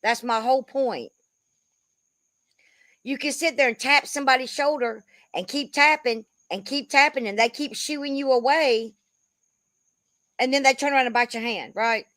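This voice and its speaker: A woman in her fifties rants in a loose, rambling way, swearing freely and tossing in "bro." Her voice is bright and forceful, sitting a little high for a woman, and the recording is close and dry. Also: moderate pace, long pauses, dry recording. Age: 50s. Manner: blunt, profane, rambling, says "bro" a lot. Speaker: commentary creator. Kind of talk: casual commentary rant.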